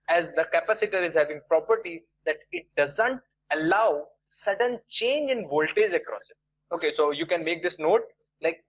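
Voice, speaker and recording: A man's voice: high voice, a bit bright, rough recording. A man, lecturing an online engineering class. He explains step by step, repeats his phrases and quizzes students, with frequent fillers and restarts. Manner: many fillers and restarts, non-native phrasing.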